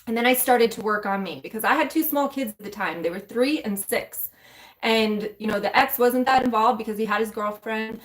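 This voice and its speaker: Speaking fairly quickly in a slightly high voice, a women's mentor and spiritual coach shares her personal story on a live stream. She's emotional, candid and loose, talking straight to her viewers.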